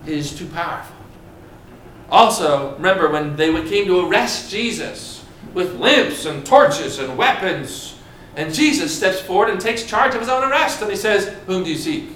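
A man's voice: high voice, animated, moderate pace, a bit bright, a little hiss or hum. A man preaching a sermon, asking the congregation questions and building with dramatic emphasis. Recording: echoey room with faint ambience.

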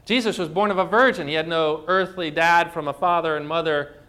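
A man's voice: fairly high pitch, fairly quick, a bit bright. A man preaching a sermon as pastor, emphatic and full of rhetorical questions. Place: church. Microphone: phone.

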